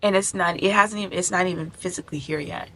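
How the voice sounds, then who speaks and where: Talking fast in a fairly bright, lowish voice, this young vlogger addresses her camera in a personal video. Her manner is effusive and repetitive, sometimes verging on tears, captured by the camera mic.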